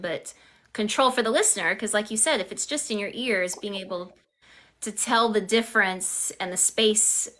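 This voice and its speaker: A woman with a bright, forward voice of middling pitch talks in a relaxed live-stream chat. She explains her points thoughtfully and patiently.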